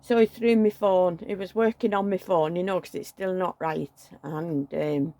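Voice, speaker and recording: A woman's voice: fairly low pitch, fairly even intonation, moderate pace, dark tone, no room sound. A middle-aged woman, chatting and venting emotionally while dressing a doll at home. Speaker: doll collector vlogger.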